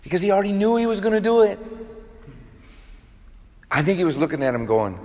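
A man delivers a relaxed, folksy sermon, talking to the congregation like he's chatting with friends. His voice sits at an ordinary middle pitch. It rings out with a long reverb, as if in a large church hall. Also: a little fast. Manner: folksy, conversational storytelling with many fillers. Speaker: preacher. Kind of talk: casual sermon.

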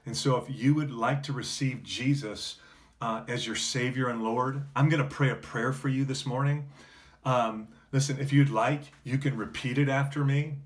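Male pastor preaching, earnest, lots of uhs and restarts, swings from loud to soft. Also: medium pitch, steady tone, moderate pace. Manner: earnest preaching with many fillers and restarts, rising to emphatic peaks. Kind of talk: sermon.

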